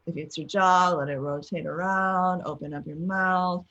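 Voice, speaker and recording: A woman's voice: fairly low pitch, fairly even intonation, normal speed, few pauses, a bit bright, muffled recording. A woman parenting coach giving a live online talk, encouraging listeners and walking them through exercises. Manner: frequent checking "okay?" and "right?".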